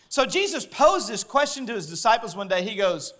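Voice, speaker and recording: A middle-aged man preaching a sermon, animated and jokey, often acting out voices. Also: high voice, a little fast, hardly any pauses. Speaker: pastor.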